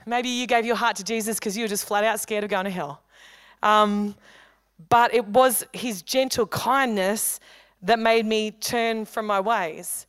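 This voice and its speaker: Woman pastor preaching, chatty and jokey, clear smooth voice, dry sound. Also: medium pitch, fairly even intonation, a bit bright, no echo. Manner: conversational, humorous preaching with quick asides. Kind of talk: sermon. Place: church hall.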